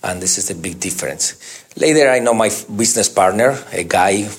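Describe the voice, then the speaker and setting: A man telling his life story in an interview, speaking halting, broken English full of restarts and acting out the people he talks about. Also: fairly low pitch, breathy edge. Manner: lively, acts out the voices of people in his stories.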